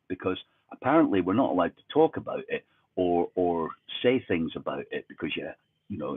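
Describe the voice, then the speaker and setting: A man's voice: mid-range voice, husky, no echo. A man from Fife with a Fife Scottish accent, delivering a sardonic, profane ranting monologue as a commentary host. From Fife, Scotland. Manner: sardonic, profane, conspiratorial asides. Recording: tinny phone-like dry sound.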